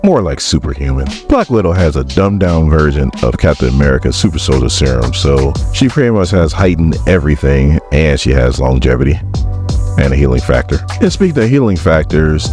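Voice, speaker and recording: A man's voice: a bass voice, a little mellow. A man hosting a casual comic book recap, chatty and joking.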